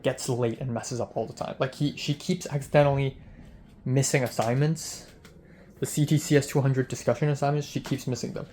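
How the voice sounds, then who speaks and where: A young man of middling pitch tells his day in a loose vlog diary, rambling through it with a steady stream of "like" and acted-out snippets of what people said. He is a film student talking straight to the camera, with a faint hiss underneath. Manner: rambling storytelling full of "like" and retold dialogue.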